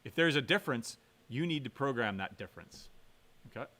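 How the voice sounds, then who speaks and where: A man's voice: mid-range voice, animated, fairly quick, sharp tone. A man giving a computer science lecture while coding, thinking aloud, quizzing the class and correcting himself.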